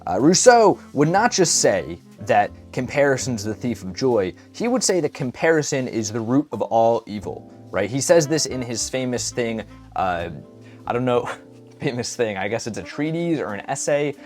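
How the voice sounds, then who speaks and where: A man's voice: mid-range voice, very animated, normal speed, darkish tone, faint music behind. A man hosting a solo podcast, talking casually and rambling, with self-deprecating asides and stutters. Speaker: podcast host. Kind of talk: casual solo talk while painting.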